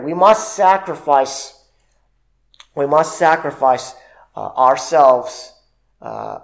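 A man delivers a church sermon in a somewhat high-pitched voice. He stumbles through fillers and restarts as he explains the verses, and reads the scripture in old-fashioned wording. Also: vocal fry, low-quality recording. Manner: halting, with many fillers and restarts. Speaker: preacher.

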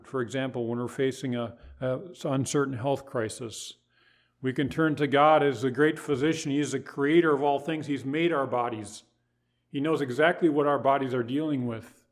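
Male pastor, mid-pitched, emphatic preaching style. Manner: emphatic preaching with rhetorical questions. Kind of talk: sermon.

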